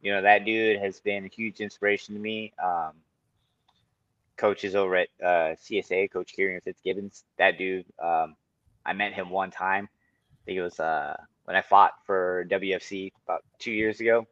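Low-voiced guy telling fight stories, swears a lot, dry dull lo-fi sound. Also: moderate pace, no echo. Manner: animated storytelling, swears often. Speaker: guest, kickboxer and Muay Thai instructor. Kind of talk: casual podcast chat.

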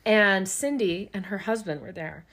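A medium-pitched woman co-hosting a podcast tells a story, keeping it casual and animated with plenty of laughter.

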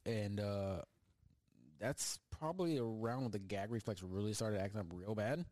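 A man's voice: lowish voice, normal speed, darkish tone, no room sound. A young man hosting a podcast, chatting casually and rambling through funny stories. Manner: joking, rambling storyteller. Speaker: podcast host. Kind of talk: casual chat.

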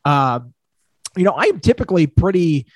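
A man co-hosting a casual college football talk show, reacting with lively disbelief. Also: a little high, normal speed, husky, dry recording. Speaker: co-host, college football reporter.

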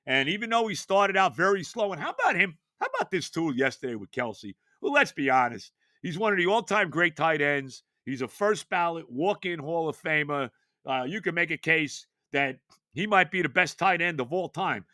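A man's voice: fairly high pitch, animated, normal speed, sharp tone, no echo, clean studio sound. A man in his later years hosting a sports podcast, talking casually and with emphasis, often asking rhetorical questions. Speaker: podcast host.

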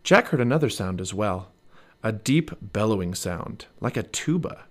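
A man reading a children's storybook aloud as narrator, expressive and animated. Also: lowish voice, moderate pace.

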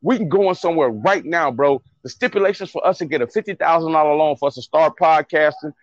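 A man with a somewhat high voice, speaking in an emphatic, preachy way and swearing freely. He makes his points forcefully in a relaxed podcast conversation. The sound is dry and a little dull, like a lo-fi recording. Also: fast talker, no room sound. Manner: preachy, emphatic, profane rant. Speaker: podcast co-host. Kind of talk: casual podcast chat.

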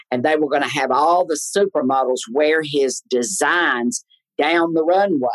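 A man's voice: on the high side, dry recording, low-quality recording. An older man, a chatty podcast guest telling folksy stories and laughing often. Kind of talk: casual storytelling.

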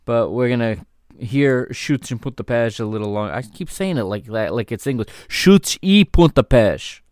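A man with a lowish, clean-toned voice hosts a podcast, recorded dry and at studio quality. He gives chatty, easygoing watchalong commentary on an old football match, correcting himself as he goes.

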